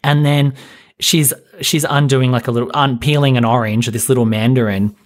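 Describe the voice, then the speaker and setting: A man's voice: medium pitch, normal speed. A man hosting a podcast, chatting casually in a rambling, profane way while retelling scenes. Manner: rambling, profane, animated retelling with quoted voices. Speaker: podcast host. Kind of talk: casual chat.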